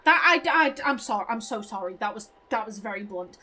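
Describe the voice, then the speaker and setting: A woman hosts a casual game playthrough with excitable, rambling commentary. Her voice is high and very lively, and she often interrupts herself mid-thought. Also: normal speed, a little hiss or hum, poor audio. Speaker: let's play host. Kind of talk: casual gaming commentary and reading aloud.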